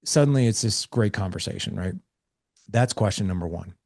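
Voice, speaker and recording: A man in his forties giving parenting advice in an interview, energetic and acting out conversations between dad and kid. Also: fairly low pitch, fairly quick, gravelly, no echo, clean studio sound. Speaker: guest on a parenting show.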